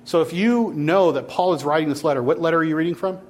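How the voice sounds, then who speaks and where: A man's voice: fairly high pitch, fast. A man teaching a Bible class, lecturing and challenging his students to argue back.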